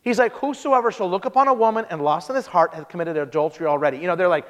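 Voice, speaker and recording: High-voiced man preaching in a reverberant hall. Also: rapid-fire. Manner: animated storytelling, acts out quotes in character voices. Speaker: pastor. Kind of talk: sermon.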